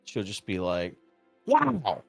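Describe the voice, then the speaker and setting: A man streaming and chatting casually, telling a story in a deadpan way with lots of swearing, acting out quotes. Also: deep voice, normal speed, faint music behind. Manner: profane, deadpan. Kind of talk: casual chat.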